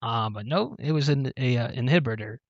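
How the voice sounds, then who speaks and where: A man's voice: medium pitch, fairly quick, no room sound. A man hosting a casual talk about comics, recapping plots with many ums and restarts. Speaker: podcast host. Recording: dull, dry lo-fi sound.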